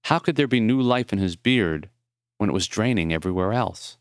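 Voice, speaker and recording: A man narrates his own memoir for an audiobook in a low, smooth, resonant voice. His storytelling is measured and tender. The recording is close and dry, with no room sound. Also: animated, dry recording.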